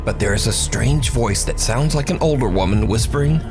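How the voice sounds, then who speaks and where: A man's voice: mid-range voice, expressive, brisk. A man giving scripted narration of scary video clips, with a dramatic storytelling delivery. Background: music.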